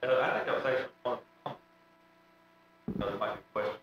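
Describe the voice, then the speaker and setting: A man in the audience tosses out short, offhand answers. His voice is low and sits far from the mic. The recording is dull, with heavy room echo and a faint hum. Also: a little fast. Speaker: class member.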